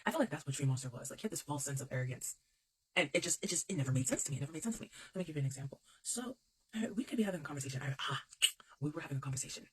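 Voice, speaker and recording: A woman rattles through a story from her own life at a quick clip. Her voice is husky. She talks bluntly, swears freely and repeats her punchlines for emphasis. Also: rumbling low, expressive, poor audio. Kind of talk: casual storytime monologue.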